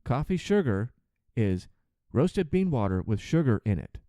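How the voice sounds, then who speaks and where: A man rants on a podcast about his flight attendant work, exasperated, sarcastic and swearing freely. His voice is mellow and dark, and it swings widely in pitch as he gets worked up. The recording is close and dry. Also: big pitch swings, dry recording. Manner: acts out passengers in quick put-on voices. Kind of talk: ranting monologue.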